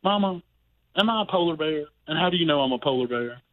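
Man putting on a high whiny baby polar bear, pleading, tinny phone sound. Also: lively intonation, fast, natural voice.

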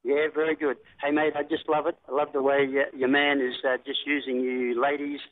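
A man's voice: medium pitch, level tone, brisk. A man with an Australian accent calling in to a radio show, talking casually and rambling with many ums and restarts. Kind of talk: casual phone call. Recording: tinny phone line.

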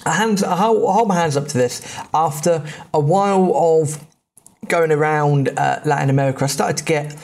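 A man's voice: fairly high pitch, normal speed, creaky, a little mellow. An English man, a podcast host, telling travel stories in a casual, rambling way, often stopping to correct himself. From England. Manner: rambling, self-correcting, chatty.

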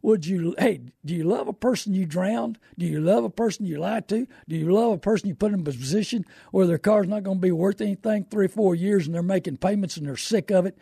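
A man hosts a call-in radio show in a folksy, preachy, down-to-earth manner. His voice sits high, with a gravelly, dark edge. The sound is dry and close. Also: fairly quick, hardly any pauses, no echo.

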